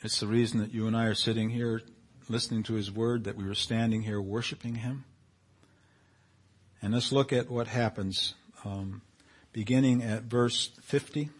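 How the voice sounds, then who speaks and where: A man's voice: lowish voice, fairly even intonation, normal speed. A male pastor preaching a sermon in a conversational way, reading scripture aloud and rising in intensity as he reads.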